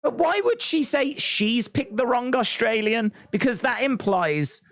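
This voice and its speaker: A man hosting a live watch-along stream, chatting, reading viewer comments aloud and thinking out loud with many restarts. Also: extremely high pitch, expressive, measured pace, no room sound. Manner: rambling, thinking aloud, reads chat comments. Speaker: wrestling watch-along host. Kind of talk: live-stream reaction chat.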